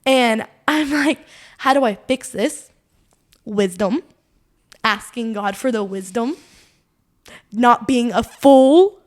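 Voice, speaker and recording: Earnest, rambling young woman, slightly high. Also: slow pace, long pauses. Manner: earnest, rambling, heavy use of "like"; quotes her own thoughts aloud, laughs often. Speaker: podcast co-host. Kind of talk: casual faith chat, personal testimony.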